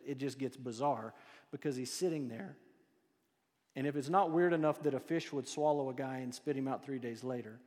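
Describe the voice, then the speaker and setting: Male preacher, mid-pitched voice, chatty storytelling sermon, long hall reverb. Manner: conversational, lively storytelling with rhetorical questions. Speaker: pastor.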